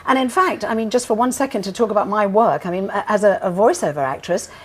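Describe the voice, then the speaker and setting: A woman's voice: medium pitch, fast talker, slightly rough. An older woman with a posh English accent, a voice actress and coach speaking emphatically in a studio interview.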